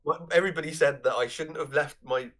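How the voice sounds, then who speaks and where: A man's voice: fairly high pitch, quick pace, a bit bright. A man co-hosting a film podcast, chatting casually and often laughing as he talks over scenes. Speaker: podcast co-host. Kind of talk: casual film review chat.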